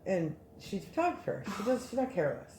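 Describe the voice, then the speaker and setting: A woman casually telling a story as a guest, animated and rambling with many restarts. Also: mid-range voice, quick pace, echoey room, a little hiss or hum.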